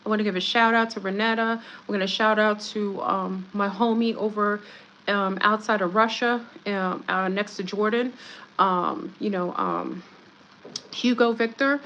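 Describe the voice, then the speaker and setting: A woman at a medium pitch hosts a casual livestream, talking straight to her viewers. She rambles and jokes in a conspiratorial tone and greets people by name. A faint hiss of noise sits under her voice. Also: fairly bright tone, low-quality recording. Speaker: livestream host.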